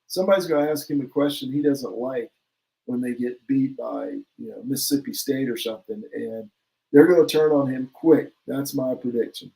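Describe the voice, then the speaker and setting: A man's voice: mid-range voice, normal speed, creaky, warm tone, rough recording. A man co-hosting a casual sports talk show who jumps between opinions, laughs easily and reads out listener comments. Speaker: podcast co-host.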